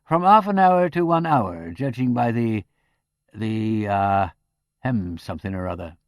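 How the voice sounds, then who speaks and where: A man's voice: on the low side, animated, measured pace, dry recording, studio quality, pitched below the performer's own voice. A man reading an audiobook, voicing a rural village constable who halts and stumbles over long words. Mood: halting.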